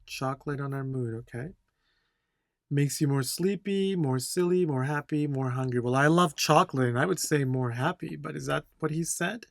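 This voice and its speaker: A man's voice: fairly high pitch, normal speed, creaky, dry recording, studio quality. A man instructor working through test answers, repeating key words and reading the dialogue lines aloud. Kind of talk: tutorial explanation.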